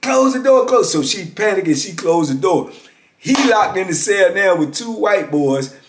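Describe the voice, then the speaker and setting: A man in his fifties, a former prisoner, telling prison stories in a lively, casual street-talk monologue. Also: sits high, moderate pace. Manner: animated, vivid street storytelling with frequent "you know what I'm saying". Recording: roomy echo.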